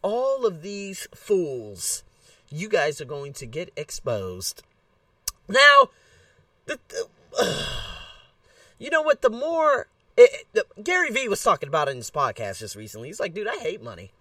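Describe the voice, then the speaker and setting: A man hosting his own solo podcast, ranting in a blunt, animated way. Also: high-pitched, measured pace, no echo, clean studio sound, distant mic. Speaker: podcast host. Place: Bangkok.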